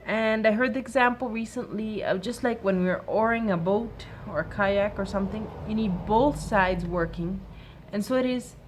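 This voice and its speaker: A woman in her thirties giving an earnest, soft-spoken faith-based advice talk to other mothers. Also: mid-range voice, moderate pace, few pauses, a little hiss or hum. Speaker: mom sharing a workshop talk.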